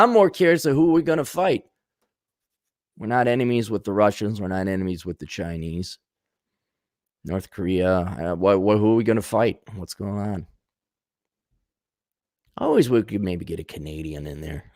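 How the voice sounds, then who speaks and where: Casting: lower-voiced man ranting, sarcastic and blunt, dry close sound. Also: normal speed, pauses often, dry recording. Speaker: commentator. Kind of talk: ranting commentary.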